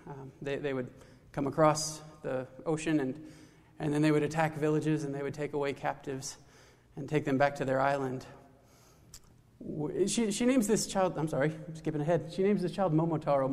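Gravelly-voiced man telling a folktale. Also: fairly high pitch, steady tone, normal speed, a little mellow. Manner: loose, with restarts and asides. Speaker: storyteller. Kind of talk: casual spoken folktale retelling. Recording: long hall reverb.

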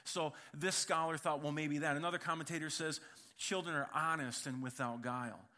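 A man's voice: on the high side, fairly even intonation, normal speed, bright, forceful tone. A man preaching a sermon in church, opening with prayer and then telling a humorous personal story in a conversational way, speaking directly to the congregation. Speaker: pastor.

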